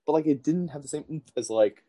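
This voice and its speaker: A man's voice: on the high side, fast, dark tone, breathy edge. A man co-hosting a podcast, rambling in casual banter, filling his talk with "like" and swearing often. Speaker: podcast co-host.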